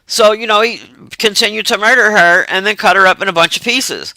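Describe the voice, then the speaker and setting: A man's voice: high voice, brisk, bright, forceful tone, dry recording, rough recording. A man casually recapping a film plot in a rambling, profane way with frequent laughter. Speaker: movie reviewer.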